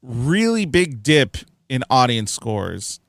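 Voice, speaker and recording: A man co-hosting a film review podcast, talking in a chatty, animated way with plenty of fillers. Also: medium pitch, takes it slowly, no echo. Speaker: podcast co-host. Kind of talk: casual film review chat.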